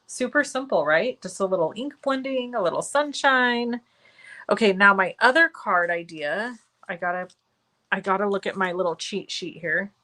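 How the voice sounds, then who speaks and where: A woman's voice: mid-range voice, animated, moderate pace, sharp tone, rough recording. Chatty woman hosting a live craft stream. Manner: chatty, reacts to viewer comments by name; self-deprecating, talks while working. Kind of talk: live cardmaking tutorial.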